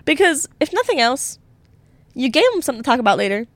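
Casting: young woman, solo podcast host, chatty and giggly, bright high voice, dry close mic. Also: very animated, fast talker, no room sound. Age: young adult. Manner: rambling, giggly, filler-heavy. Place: college dorm room.

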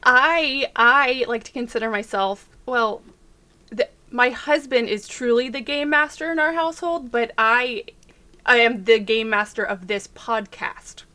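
A woman's voice: fairly high pitch, measured pace, sharp tone. A woman with a Texas accent, a podcast guest running a trivia game in a chirpy, playful way. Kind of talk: casual chat.

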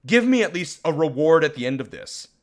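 A man co-hosting a casual podcast, ranting in an exasperated, animated way and laughing at himself. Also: a little high, brisk. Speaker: podcast co-host.

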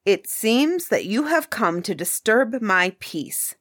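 A woman reading aloud, voicing a proud, quick-tempered king who speaks in a commanding, impatient way. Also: fairly high pitch, sing-song, no echo, clean studio sound, exaggerated voice. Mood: imperious.

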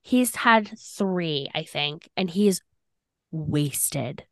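A woman's voice: deep voice, lively intonation, very slow, dry recording, clean studio sound. A young woman co-hosting a podcast, telling a dating story in a chatty way with many "like" fillers. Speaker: podcast co-host. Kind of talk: casual storytelling chat.

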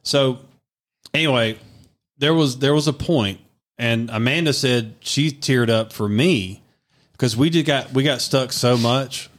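A man's voice: mid-range voice, unhurried. A man, telling a story in a casual chat with earnest emphasis. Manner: earnest, emphatic storyteller with a Southern turn of phrase.

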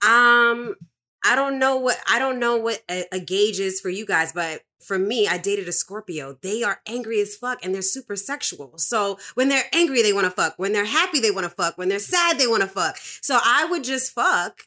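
A woman's voice: mid-range voice, expressive, bright, forceful tone. A woman co-hosting a podcast, talking frankly and candidly. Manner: frank and candid, quick to agree. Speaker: podcast co-host. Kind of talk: casual chat.

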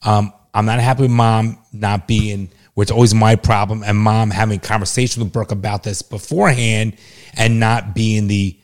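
A man's voice: lowish voice, little pitch movement, normal speed. A middle-aged man talking as father and co-host in a casual family chat, emphatic and insistent, swearing freely. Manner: emphatic, heavily profane, insistent.

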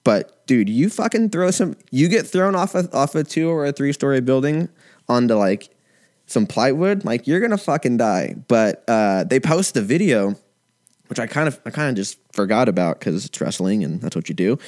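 A man in his twenties chatting casually and rambling, swearing a lot and sometimes breaking into loud impressions. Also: mid-range voice, normal speed. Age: 20s. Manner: profane, rambling, animated impressions. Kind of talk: casual chat.

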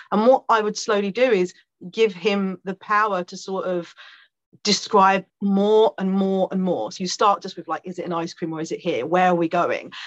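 A woman guest on a podcast telling a personal story in a chatty, animated way, with fillers and quick laughs. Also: medium pitch, highs cut off. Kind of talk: conversational storytelling.

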